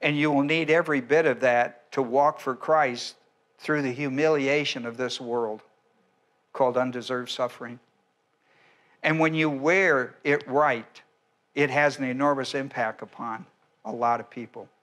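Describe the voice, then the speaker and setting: A male pastor giving a verse-by-verse sermon, speaking deliberately, with frequent restarts and an occasional clearing of the throat. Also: mid-range voice, steady tone, a bit bright.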